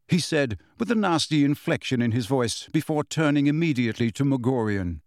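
A man reading a novel aloud as an audiobook narrator in an even storytelling manner. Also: medium pitch, moderate pace, hardly any pauses, dry recording, clean studio sound. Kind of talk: scripted narration.

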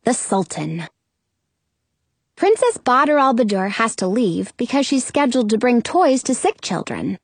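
Warm-toned children's audiobook narrator, woman, higher voice, unhurried and lively. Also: no room sound. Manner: expressive, storytelling first-person.

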